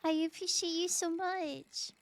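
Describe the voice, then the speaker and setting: A high-pitched woman chats slowly and playfully with her live-stream viewers, laughing often. Her voice has a gravelly fry at the ends of phrases, over faint background noise. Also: fairly even intonation. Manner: playful, giggly, talks to chat. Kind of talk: casual live-stream chat while gaming.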